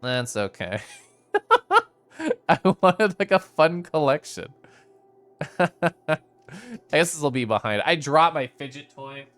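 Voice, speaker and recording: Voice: mid-range voice, very animated, slow, long pauses, a bit bright, soft background music. A streamer giving casual live-stream commentary while playing a game, bubbly and giggly with playful squeals.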